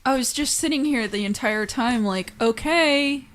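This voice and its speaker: A woman's voice: fairly high pitch, moderate pace, slight background noise. A woman guest on a podcast, chatting casually and teasing the others. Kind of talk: casual chat.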